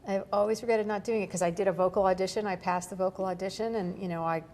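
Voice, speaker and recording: A woman in her forties, an actor giving an interview, telling stories in an animated way with lots of fillers and laughs. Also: medium pitch, fast talker. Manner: animated storytelling, laughs often, many fillers. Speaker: actor guest. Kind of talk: casual interview chat.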